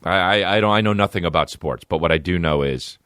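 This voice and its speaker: A man's voice: low-pitched, fast talker, smooth, no room sound, studio quality. A man hosting a podcast who riffs profanely through a casual comedic rant. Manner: profane, animated, riffing.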